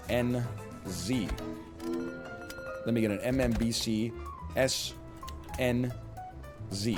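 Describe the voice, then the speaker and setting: A man streaming live, chatting casually while he plays a game, rambling and often rising to loud outbursts. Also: medium pitch.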